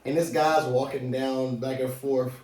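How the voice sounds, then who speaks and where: A young man, a podcast host, telling army stories in casual chat, animated and swearing, often asking his friend whether he remembers. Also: medium pitch, a little slow. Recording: echoey room, mic at a distance.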